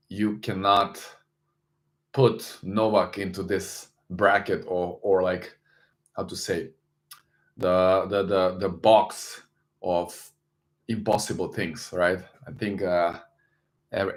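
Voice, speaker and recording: A man with a fairly low pitch hosts a casual live stream, greeting viewers and reading the chat aloud. He talks loosely, with frequent restarts.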